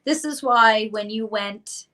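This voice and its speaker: A woman with a slightly high voice gives a psychic reading on a live stream, speaking slowly and deliberately. She is earnest and expressive, acting out the listener's imagined thoughts and slipping in small laughs between phrases. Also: poor audio. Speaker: psychic reader.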